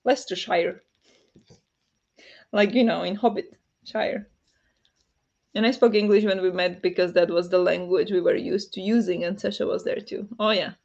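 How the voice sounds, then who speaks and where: A woman hosts a casual livestream from home at night, reading the chat aloud and laughing frequently. She's from Flanders, a native Dutch speaker with a Flemish accent, and her mid-range voice is steady and a little mellow, with vocal fry, normal speed and frequent pauses on a muffled recording.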